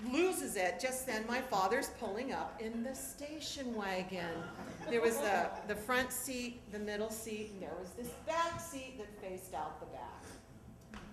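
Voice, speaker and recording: A woman in her fifties performing a live one-woman stage show, telling a family story animatedly, laughing and acting out scenes. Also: a little high. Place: theatre with audience. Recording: echoey theatre with live audience.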